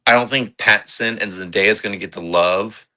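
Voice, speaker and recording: A podcast co-host, a man with a lowish voice and a sharp, forceful tone. He reviews films in loose, excitable chat, swearing and rambling along with plenty of fillers. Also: a little fast. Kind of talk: casual movie review chat.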